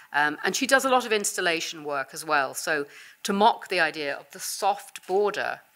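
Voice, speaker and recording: Lady professor giving a seminar, lowish voice, bright tone, chatty with lots of ums. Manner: conversational, with fillers and self-corrections. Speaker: visiting professor giving a lecture. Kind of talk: academic seminar talk. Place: university seminar room.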